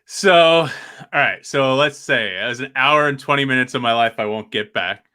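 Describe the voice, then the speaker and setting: Bright-toned, blunt male podcaster. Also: mid-range voice, normal speed. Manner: blunt, laid-back, joking. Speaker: podcast co-host. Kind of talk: casual review podcast.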